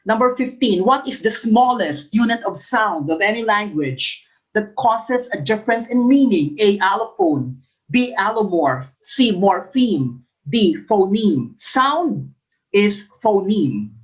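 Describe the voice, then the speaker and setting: A woman's voice: medium pitch, very animated, takes it slowly, poor audio. A woman teaching an exam review, reading out each question and its options before explaining the answer. She repeats key answers for emphasis. When she models example sentences, her intonation becomes exaggerated.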